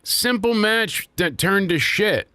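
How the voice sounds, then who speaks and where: A man's voice: high voice, animated, slow, pushed and bright, dry recording. Crude sarcastic man recapping wrestling. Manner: sarcastic, crude, acts out quotes. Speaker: podcast host reviewing wrestling. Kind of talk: casual profane recap.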